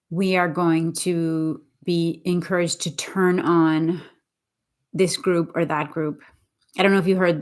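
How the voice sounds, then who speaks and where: A woman from Boston talking in a casual, earnest and rambling way, often restarting her sentences. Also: low voice. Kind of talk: casual spoken reflection.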